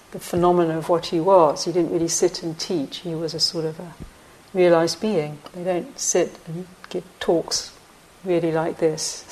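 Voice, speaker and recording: Reflective woman giving a slow dharma talk. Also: on the low side, a little mellow, rough recording. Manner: slow, reflective, with frequent pauses. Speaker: meditation teacher.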